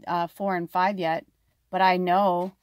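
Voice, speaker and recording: A woman's voice: lowish voice, little pitch movement, a little slow, clean tone, dry recording, clean studio sound. A woman and spiritual medium giving a casual tarot reading, earnest and rambling with many fillers.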